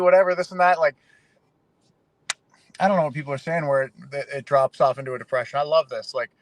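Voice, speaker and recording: A Canadian man, a fighter guest on a podcast, telling animated, emotional stories in casual conversation. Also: fairly high pitch, quick pace, long pauses, no room sound, rough recording. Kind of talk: casual interview.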